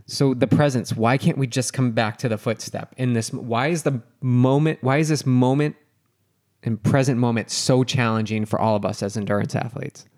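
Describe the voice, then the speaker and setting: A man's voice: medium pitch, steady tone, moderate pace, a little mellow. Thoughtful male podcast host. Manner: thoughtful, rephrases his questions. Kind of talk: interview questions.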